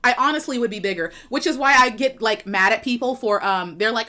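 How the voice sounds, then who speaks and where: A woman's voice: fairly high pitch, lively intonation, a little fast, few pauses, sharp tone. A young woman streamer giving a sassy, emphatic commentary rant in a casual tone. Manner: sassy, emphatic, laughs and repeats herself.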